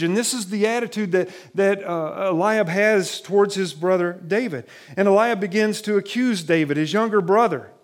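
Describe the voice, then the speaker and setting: A man, a pastor, preaching a sermon in a church sanctuary in a conversational way, restarting phrases often and turning dramatic when he quotes scripture. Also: high-pitched.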